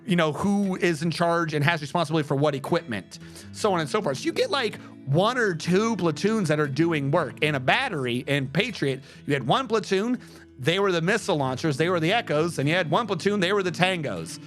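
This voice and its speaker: A man's voice: on the high side, lively intonation, fairly quick, fairly bright tone, faint music behind. A man streaming a game, chatting in a casual, profane rant and explaining things step by step.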